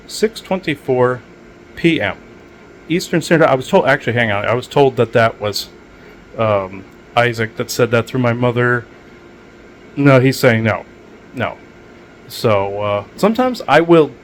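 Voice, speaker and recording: A man's voice: mid-range voice, a little hiss or hum. A man hosting his own channel, talking in a meandering casual monologue with many fillers and restarts, matter-of-fact about odd experiences. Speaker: channel host.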